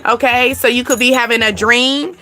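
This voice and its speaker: A woman's voice: a little high, fairly even intonation, moderate pace, bright, forceful tone, slight background noise. A woman giving a casual, chatty astrology reading to her viewers, laughing often and swearing casually. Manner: chatty, laughs often, sings and acts out snippets. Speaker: spiritual reader.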